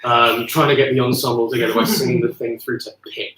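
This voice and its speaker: A man's voice: mid-range voice, fairly even intonation, fast talker, fairly bright tone. Man telling a choir anecdote, echoey room. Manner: laughing, anecdotal. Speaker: choir member. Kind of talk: casual chat. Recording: echoey kitchen with some background noise.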